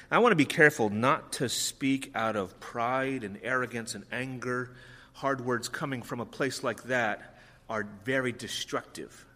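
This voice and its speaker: A man's voice: mid-range voice, sharp tone. A middle-aged man preaching a sermon as pastor, conversational with frequent ums, acting out quoted lines. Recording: long reverb of a large hall.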